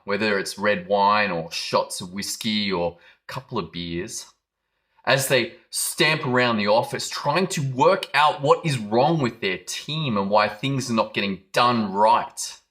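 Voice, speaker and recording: Male business coach, low-pitched, bright tone, storyteller who acts out his examples. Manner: dramatic storytelling, acts out quoted lines. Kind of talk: motivational talk to camera.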